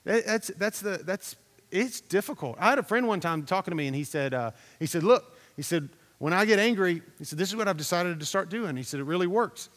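A man's voice: high voice, animated, a little fast, a bit bright, in a large hall. A man preaching a sermon as a pastor, talking in a conversational, storytelling way, repeating himself and putting questions to the congregation.

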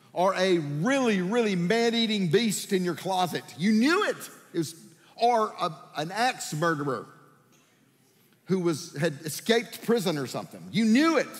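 Male preacher, animated storyteller who acts out voices, slightly high pitch, recorded in a big echoing sanctuary. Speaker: pastor. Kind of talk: sermon with personal storytelling. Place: church sanctuary.

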